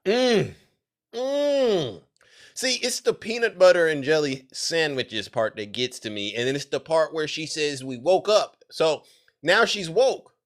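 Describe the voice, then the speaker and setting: A man streaming live reaction commentary, mocking and animated with frequent exclamations. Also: on the high side, moderate pace.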